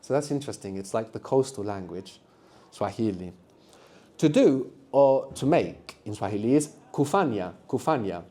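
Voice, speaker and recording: A man's voice: lowish voice, expressive, normal speed, dark tone. A man teaching a live beginners' language workshop to students in a classroom, patient and encouraging, explaining step by step. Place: university classroom.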